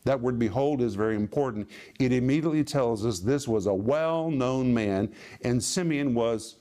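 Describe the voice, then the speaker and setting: A man preaching a teaching sermon, reading scripture slowly and stressing words with emphasis. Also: medium pitch, dark tone. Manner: slow emphatic Bible reading, stretched words.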